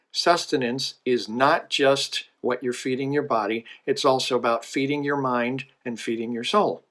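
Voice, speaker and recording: Easygoing male coach, mid-pitched, folksy storyteller. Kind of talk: casual monthly video message with a told joke.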